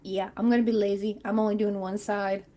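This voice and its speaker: A woman's voice: mid-range voice, level tone, a little fast, warm tone. A woman chatting casually and rambling with many fillers while she crochets on a stream.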